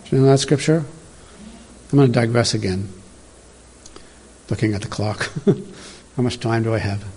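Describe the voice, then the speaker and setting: A man's voice: mid-range voice, moderate pace, darkish tone, husky. A middle-aged man giving an informal, digressive sermon to a congregation in a church room, chatting and laughing at his own asides. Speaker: preacher.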